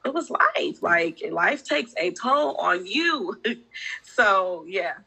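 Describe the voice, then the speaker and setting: A woman with a strikingly bright, sharp-edged voice talks as a guest on a conversational podcast. She speaks openly and from the heart, telling her story in an animated, casual way. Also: medium pitch, slow pace, vocal fry, breathy edge, poor audio.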